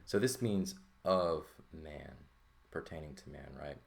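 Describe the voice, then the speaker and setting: Low, gravelly male teacher; relaxed, thinking-aloud delivery with lots of "right?". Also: a little slow. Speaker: Greek teacher. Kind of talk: casual lesson walkthrough.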